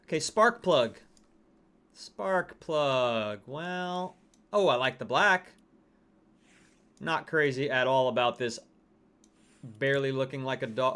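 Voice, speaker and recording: A man's voice: mid-range voice, unhurried, pauses often, a bit bright. A man hosting a game livestream, chatting casually and reading out viewer comments. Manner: chatty, reacting to game skins and chat. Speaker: livestream host.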